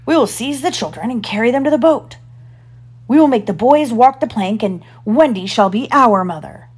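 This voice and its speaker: Captain Hook: booming, high-strung villain pirate in a read-aloud storybook, a woman putting it on. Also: animated, moderate pace, husky. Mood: scheming. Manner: booming, commanding. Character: menacing adult male pirate captain.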